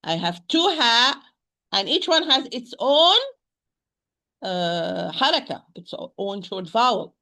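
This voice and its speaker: Bright-voiced woman teaching Quran recitation. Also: mid-range voice, lively intonation. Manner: slow, drawn-out demonstration of sounds. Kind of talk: spoken lesson with recited examples.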